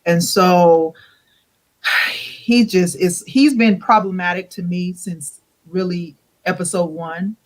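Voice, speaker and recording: Calling into a podcast online, this guest speaks slowly in a fairly low-pitched voice. Her casual chat is expressive, with quotes acted out amid laughter.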